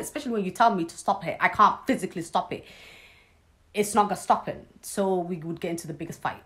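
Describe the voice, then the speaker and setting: A woman's voice: lowish voice, quick pace. A young woman telling a personal story in a casual vlog, blunt, sarcastic and swearing freely. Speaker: vlogger.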